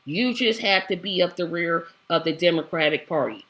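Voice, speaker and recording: A woman's voice: fairly low pitch, moderate pace, fairly bright tone. A woman hosting a political commentary show, talking in a sassy, exasperated way and hammering her points with repetition. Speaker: show host.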